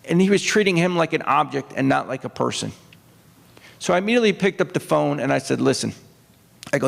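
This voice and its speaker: An older man from with a heavily gravelly, fried voice, pitched a little high, speaks earnestly to an audience. The sound carries a long hall reverb from the opera house stage. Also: lively intonation, fairly quick. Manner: earnest, emotional storytelling, rises into acted quotes. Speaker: retired naval officer speaking at a book event. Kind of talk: personal storytelling talk.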